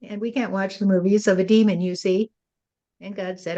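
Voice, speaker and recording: A woman's voice: mid-range voice, steady tone, moderate pace, warm tone, dull audio. A woman acting as a spirit medium, relaying channeled messages in a musing way and often tagging her lines with "you see.".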